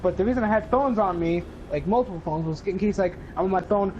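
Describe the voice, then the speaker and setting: A man's voice: high-pitched, fast talker, darkish tone, highs cut off, a little hiss or hum. Rambling, foul-mouthed teenage boy. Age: teens. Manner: rambling, profane, quotes others in raised voices. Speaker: storyteller. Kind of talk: casual chat.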